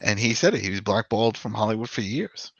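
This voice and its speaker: A man co-hosting a podcast in casual discussion, rambling and animated, with frequent "you know". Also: lowish voice, fast, dry recording. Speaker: podcast co-host. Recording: dull lo-fi dry sound.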